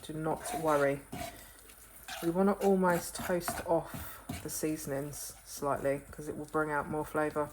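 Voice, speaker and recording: A woman with a low-pitched, steady voice hosts a casual cooking demonstration for her cooking channel in a kitchen away from home. At a measured pace, she chats with viewers in a self-deprecating way. There's background noise.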